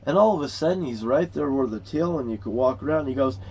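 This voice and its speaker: A man's voice: mid-range voice, quick pace, few pauses, slightly rough. Middle-aged guy ranting a story, lots of cussing, muffled lo-fi audio. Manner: profane, excitable, rambling. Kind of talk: rambling personal storytelling. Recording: dull lo-fi recording.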